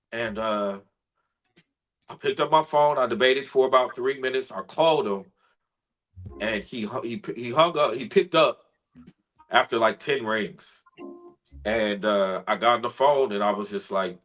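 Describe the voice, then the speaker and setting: A male spoken word poet tells a deeply personal story over a video call. He speaks in an earnest, emotional and measured way, at a middle pitch, and his story builds in vulnerable detail. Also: a bit bright, low-quality recording.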